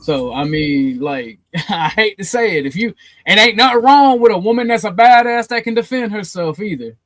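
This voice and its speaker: A man's voice: high-pitched, animated, normal speed, a bit bright, dry recording, poor audio. A man with a Southern US accent hosting a heated call-in panel, blunt and profane. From Southern United States. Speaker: host.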